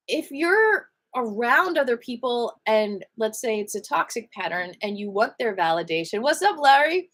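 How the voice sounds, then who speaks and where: A woman leading a live online qi gong class in a chatty, animated way, giving gentle breathing cues and greeting viewers by name. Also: a little high, moderate pace, few pauses. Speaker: qi gong teacher.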